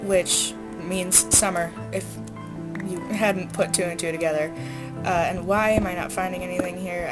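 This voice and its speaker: A woman's voice: lowish voice, fairly even intonation, unhurried, long pauses, over music. A teenage girl chatting casually and rambling while she plays a game, with lots of fillers and asides. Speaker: gamer. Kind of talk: casual let's play chat.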